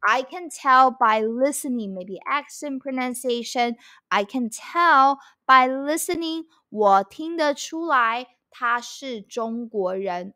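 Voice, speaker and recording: A woman with a high, bright voice gives a language lesson. She speaks slowly and deliberately, repeating each example so learners can follow. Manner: slow, repeating phrases for learners; mixes English explanation with Mandarin examples. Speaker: Mandarin teacher.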